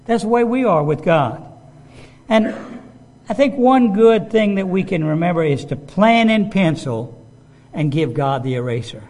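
Male preacher, high voice, conversational sermon, restarts often, builds emphasis. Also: lively intonation, unhurried, darkish tone, in a large hall.

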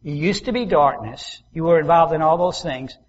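A man pastor preaching a sermon, swinging from loud emphasis to soft asides and acting out quoted voices. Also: fairly high pitch, moderate pace, muffled recording.

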